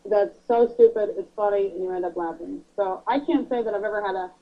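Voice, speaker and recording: A woman co-hosting a casual podcast chat who tells stories with lively energy and acts out her own panicked lines. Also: medium pitch, brisk. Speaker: podcast co-host. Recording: dull lo-fi podcast audio.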